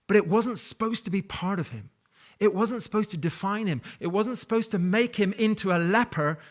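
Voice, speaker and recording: A man's voice: sits high, a bit bright. A man preaching a sermon in a conversational, storytelling way, with light laughs. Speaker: pastor.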